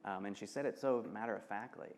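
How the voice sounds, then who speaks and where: Man in his thirties, from Michigan, gravelly low voice, earnest and halting, quick to laugh, candid onstage talk. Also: a little mellow. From Michigan, United States. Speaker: author and guest. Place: festival stage.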